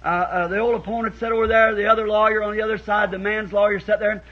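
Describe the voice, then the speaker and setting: A man preaching a sermon to a church congregation in a folksy storytelling way, acting out quoted voices and building up to shouts, on a dull 1960s tape. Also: high voice, flat delivery, fast.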